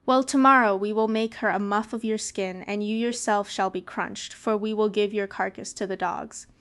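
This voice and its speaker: A woman's voice: medium pitch, fairly even intonation, normal speed, a bit bright, natural voice. Woman doing a fierce scolding old grandmother.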